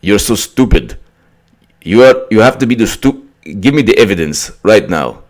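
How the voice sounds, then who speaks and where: Coarse, jeering voice with a put-on mock Russian accent, a man doing defiant Russians demanding evidence. The voice sits low and deep, and the taunts come out loud and rude. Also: animated, moderate pace. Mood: taunting. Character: crude defiant Russians, male, mocking.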